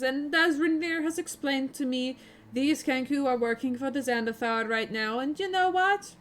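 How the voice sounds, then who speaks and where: A woman voicing a brisk, official male guard captain in a tabletop game, with a put-on foreign-style accent. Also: high voice, a bit bright. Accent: Barovian-style put-on accent.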